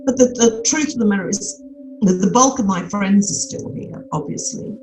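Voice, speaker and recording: A woman's voice: medium pitch, moderate pace, over music, low-quality recording. An older woman from Australia with an Australian accent, chatting frankly and cheekily as an interview guest, full of restarts. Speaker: actress and podcast guest. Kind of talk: casual interview chat.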